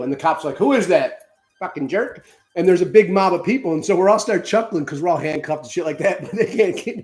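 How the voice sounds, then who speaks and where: A middle-aged man co-hosting a podcast, telling stories in a casual, excitable and profane way. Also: fairly high pitch. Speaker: podcast co-host. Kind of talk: casual live-stream chat.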